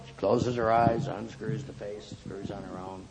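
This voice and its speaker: A man telling a story aloud in an expressive, playful way, acting out the characters. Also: on the low side, a little slow, muffled recording. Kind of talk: oral storytelling.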